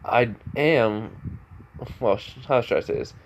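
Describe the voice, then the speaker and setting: A man voicing a calm, eerie young male hero with devil powers, in a flat, matter-of-fact delivery. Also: medium pitch, takes it slowly, lo-fi sound, a little hiss or hum.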